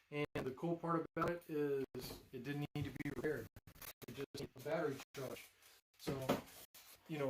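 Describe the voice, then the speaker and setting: Against a noisy background, a man with a voice on the high side chats casually on a live stream while showing off his builds. He rambles, full of fillers and restarts.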